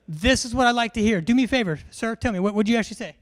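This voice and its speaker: A man's voice: very high voice, lively intonation, racing. A man, a military instructor giving a live classroom briefing in a large hall, joking and quizzing his audience.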